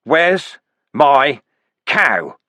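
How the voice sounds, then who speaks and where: A man doing a wounded, half-mad watchman in a storybook, his slurred, dazed words rising into wild, anguished cries. The voice swoops high and low, and it sounds close and dry with no room around it. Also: very animated, very slow, sharp tone, no room sound, exaggerated voice. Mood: raving. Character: delirious wounded male watchman, raving.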